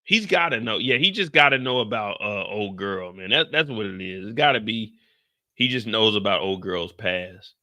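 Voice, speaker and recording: A young man from the Bay Area hosting a casual TV recap show, animated and profane, often acting out scenes. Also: fairly low pitch, moderate pace. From San Francisco Bay Area. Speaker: show host.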